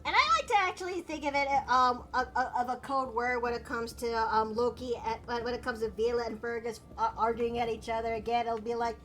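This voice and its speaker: A woman's voice: a little high, a little fast, hardly any pauses, a bit bright. A woman streaming while she draws, chatting casually, giggling and rambling with many restarts. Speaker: streamer and artist.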